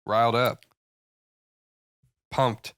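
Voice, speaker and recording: Young man, podcast co-host, smooth clear voice, dry close sound, excitable, swears often. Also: medium pitch, extremely slow, dry recording. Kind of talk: casual chat.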